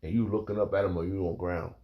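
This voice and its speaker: A man's voice: sits low, fairly even intonation, fast talker, highs cut off. A man preaching in a rambling, emphatic way, reading scripture and calling his listeners "man" and "bro". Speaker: informal preacher.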